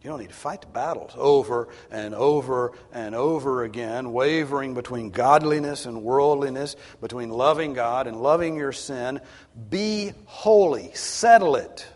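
A male pastor preaching a sermon, swinging from hushed tones to loud, emphatic exhortation. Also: medium pitch, moderate pace, few pauses. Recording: long hall reverb.

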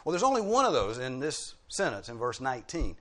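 A man's voice: mid-range voice, huge pitch swings, a little fast, fairly bright tone. A man preaching a sermon, explaining points like a teacher and punching key words with dry humorous asides.

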